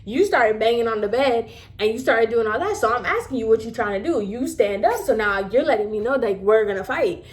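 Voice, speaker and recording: A woman in her twenties telling a casual story to camera, animated and emphatic as she acts out scenes. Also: fairly high pitch, a little fast.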